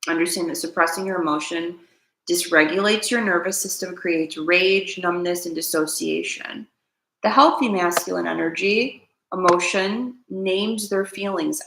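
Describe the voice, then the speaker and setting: Gravelly woman preaching self-help. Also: lowish voice, moderate pace, a bit bright, reverberant, rough recording. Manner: earnest, preachy, repeats key lines, asks viewers to comment. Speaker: host. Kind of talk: spiritual self-help talk to camera.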